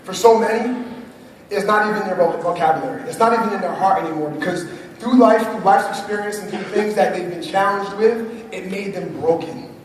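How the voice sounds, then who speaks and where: A man in his thirties giving an energetic motivational speech to a live audience, laughing often and building to shouts. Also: sits high, a little fast, a little hiss or hum. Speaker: motivational speaker. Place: large conference hall. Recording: echoey hall recording from far off.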